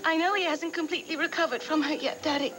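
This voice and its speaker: A woman's voice: high voice, fairly even intonation, fast, fairly bright tone, rough recording. An actress playing a needy young bride-to-be pleading with her father in a soap opera. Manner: pleading and emotional. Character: spoiled young bride, needy and tearful daddy's girl. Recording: music under the dialogue.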